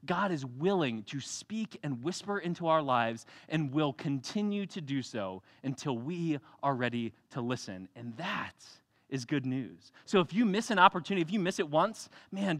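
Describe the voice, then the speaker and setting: Animated bright-voiced male preacher. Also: on the high side. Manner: animated storytelling, acts out voices, laughs often. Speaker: pastor. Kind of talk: sermon.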